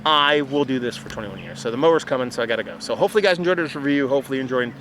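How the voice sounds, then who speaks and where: A man's voice: medium pitch, expressive, very fast. Male beer reviewer, casual and chatty, talks to camera outdoors and often restarts himself; faint background noise. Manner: rambling, chatty, stumbles and restarts. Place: outdoors at a rural home. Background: birds and outdoor sounds.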